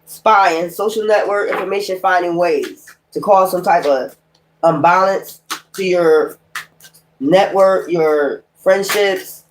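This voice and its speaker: A woman's voice: fairly low pitch, slow pace, a little hiss or hum. A woman giving a casual tarot card reading in a blunt, exasperated, profane manner, with slangy, rambling street talk. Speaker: tarot reader.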